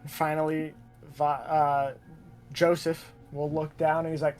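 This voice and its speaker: Man, game master, slightly high voice, casual narration, relaxed swearing. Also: measured pace, faint music behind.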